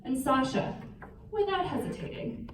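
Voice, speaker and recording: Woman, young adult, retreat speaker, lively self-mocking storytelling, highish voice, mic from afar, faint room hum. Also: normal speed. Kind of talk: personal story talk to an audience. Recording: roomy hall, voice picked up from a distance.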